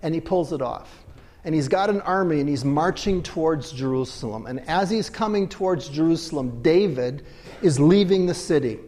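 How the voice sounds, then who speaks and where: A man with a notably high voice preaches a sermon, his words ringing out in a hall with a long echo. He moves between forceful, raised lines and dropped, hushed asides. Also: lively intonation, normal speed. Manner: swings between loud emphatic bursts and low quiet asides. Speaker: pastor.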